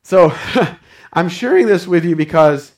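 A man's voice: sits high, expressive, unhurried, darkish tone. A man preaching a sermon, telling stories fervently and calling his listeners saints. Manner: fervent, addresses congregation as saints. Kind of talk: sermon storytelling.

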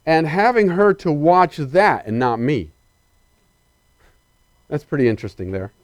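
A male preacher delivering a sermon, animated and emphatic, questioning his congregation directly and swinging between loud excitement and quiet earnestness. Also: fairly high pitch, unhurried, dry recording.

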